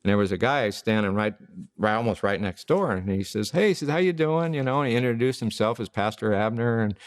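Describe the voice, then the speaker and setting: A man's voice: lowish voice, fairly quick, no room sound. A man giving a casual, rambling personal testimony. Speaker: testimony speaker.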